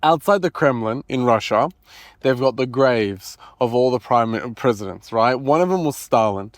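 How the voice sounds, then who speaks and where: A man hosting a podcast in a loose, joking way, with rambling asides and stories. He speaks at a middle pitch, and the sound is dry and close. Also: lively intonation, normal speed, no echo. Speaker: podcast host. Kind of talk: casual interview conversation.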